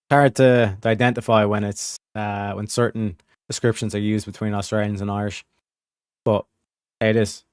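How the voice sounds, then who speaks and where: A man's voice: fairly low pitch, little pitch movement, normal speed, clean tone, no room sound, studio quality. A man from California with a rural, Southern-tinged accent, rambling and swearing as he chats with his stream audience. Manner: profane, rambling, talks to chat. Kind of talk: casual livestream commentary.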